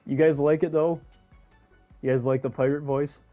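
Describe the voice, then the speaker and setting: A man hosting a casual live gameplay stream, chatty and excitable, talking to his viewers. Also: a little high, normal speed, lo-fi sound, faint music behind. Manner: chatty and excitable, talks to chat. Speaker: gaming streamer.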